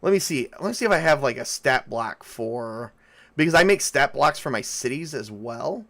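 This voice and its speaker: A man's voice: mid-range voice, expressive, moderate pace, fairly bright tone. A man running a tabletop game as game master, talking loosely with many fillers and restarts.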